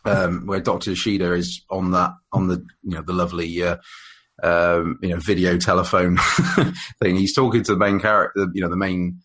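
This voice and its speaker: His voice is low-pitched and fairly bright, with a level tone and normal speed. As a podcast co-host, he chats casually about an old monster film, rambling through fillers and restarts and often laughing.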